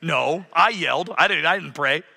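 A man preaching a sermon as a pastor in a church, animated, swinging from loud passages to hushed ones. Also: fairly high pitch, normal speed, vocal fry. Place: church sanctuary. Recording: hall reverb.

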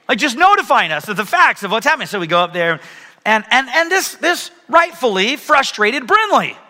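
Man, 30s, pastor, sermon, high bright voice, animated storyteller, long hall reverb. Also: normal speed. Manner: animated storytelling, asks audience for raised hands.

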